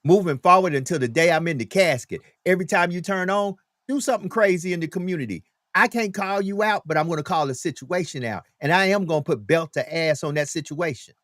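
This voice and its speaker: A man hosts a live talk stream, preaching his point with heavy emphasis and repeated lines. His voice sits fairly high, and the mic is close and dry with no room at all. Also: brisk, few pauses, fairly bright tone, no room sound. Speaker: host.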